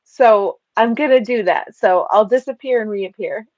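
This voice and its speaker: A woman speaks calmly and gently as a guest teacher, easing through her spiritual points. She is on a remote call through earbuds, so her voice comes through dull and lo-fi. It sounds dry with no room echo. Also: a little high. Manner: calm, soothing, slow and gentle. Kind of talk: calm spiritual teaching in a live chat.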